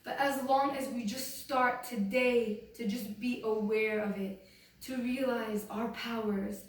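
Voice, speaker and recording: A woman's voice: a little high, fairly even intonation, measured pace. A woman speaking earnestly to a group in a question-and-answer session, filling her talk with "like" as she shares personal feelings. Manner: earnest, emotional, lots of "like" fillers. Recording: very echoey room, far from mic, faint noise.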